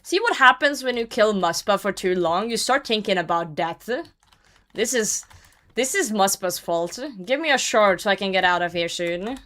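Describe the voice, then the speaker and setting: Young woman game streamer, casual chat, chatty and profane, mid-pitched, desk mic. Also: animated, moderate pace, a bit bright. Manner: chatty, swearing, laughing often. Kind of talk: casual chat while gaming.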